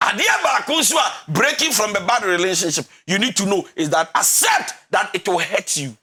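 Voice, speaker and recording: High, bright-voiced Ghanaian counselor. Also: male voice, animated, moderate pace, husky. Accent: Ghanaian English. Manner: emphatic, preachy, switching into Twi and half-singing. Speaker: relationship counselor. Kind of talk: advice talk show.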